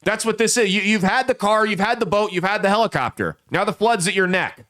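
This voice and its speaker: A man hosting a political commentary podcast, telling folksy stories and quickly voicing the people in them. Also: high voice, sharp tone. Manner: folksy storytelling with quick voices for people in the anecdotes. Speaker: podcast host.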